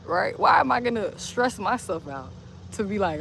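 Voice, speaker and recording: Livestreaming by a street, a woman chats into her phone in a mid-range, gravelly, expressive voice at a moderate pace. She rambles casually, saying "like" over and over. The outdoor street noise around her is loud.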